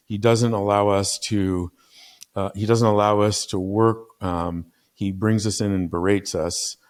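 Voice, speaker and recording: A man's voice: fairly low pitch, darkish tone. A middle-aged man, a podcast guest and business consultant, telling stories earnestly with frequent restarts. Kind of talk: conversational storytelling.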